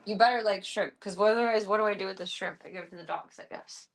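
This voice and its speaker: A woman's voice: mid-range voice, steady tone, quick pace, few pauses. A woman live streamer at home, chatting casually and talking to her pets in an amused, baffled way. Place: at home with her cats and dogs.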